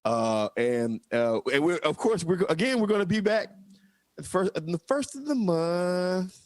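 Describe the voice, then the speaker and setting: A young man hosts a casual live stream with a slightly raised voice, talking in excited bursts and repeating himself. The sound is dry and close. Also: sits high, measured pace, no echo. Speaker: host.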